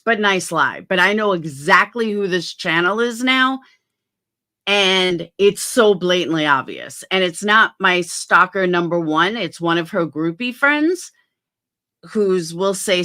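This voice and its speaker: A middle-aged woman with a bright, clear voice talks straight to her viewers in a casual commentary vlog. She is blunt and defensive, swearing freely as she sets the record straight. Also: lowish voice. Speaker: YouTube commentary host.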